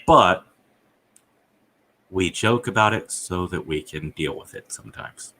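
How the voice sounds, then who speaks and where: A man chatting as a podcast guest, blunt and crude, swearing a lot with dark humor. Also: low voice, a little slow, slight background noise, rough recording. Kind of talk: casual chat.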